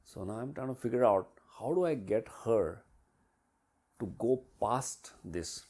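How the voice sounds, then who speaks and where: Male business mentor, storyteller, voices swing widely in pitch and volume as he acts things out. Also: measured pace, slightly rough. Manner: animated, acts out quotes and sounds with big swings in pitch and loudness. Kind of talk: storytelling coaching talk.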